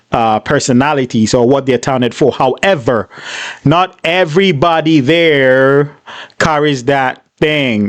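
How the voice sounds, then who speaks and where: A man hosting a reaction video, chatting in an excitable, casual way and explaining his thoughts. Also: medium pitch, dry recording.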